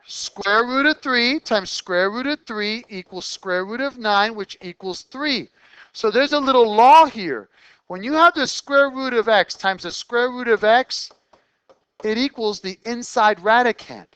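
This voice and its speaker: Math teacher in class, smooth clear delivery, talks students through each step with quick questions. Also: mid-range voice, a bit bright, no room sound, rough recording. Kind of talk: classroom lesson explanation.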